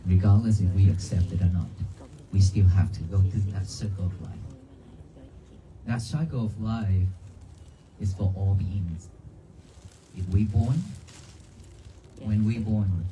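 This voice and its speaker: Monk, low voice, noisy outdoors. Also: male voice, measured pace, pauses often. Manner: calm, repetitive, asks the crowd questions. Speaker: Buddhist monk. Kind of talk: outdoor dharma talk. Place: outdoors at a cemetery.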